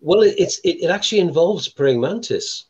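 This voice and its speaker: A man's voice: sits high, animated, moderate pace, muffled recording, a little hiss or hum. Guy in his 60s, keeps saying um and restarting, chatty. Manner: hesitant, many fillers and restarts. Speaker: guest musician. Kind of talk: casual chat.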